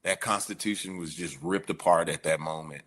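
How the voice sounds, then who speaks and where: Forceful low-voiced man telling his story. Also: fairly even intonation, normal speed. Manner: candid, slangy, emotional storytelling. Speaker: guest. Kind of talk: personal recovery testimony.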